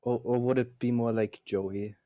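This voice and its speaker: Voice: medium pitch, steady tone, normal speed, mellow, no echo, dull audio. A co-player casually chatting and suggesting what to try next in a game during a stream. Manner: casual, offering game hints.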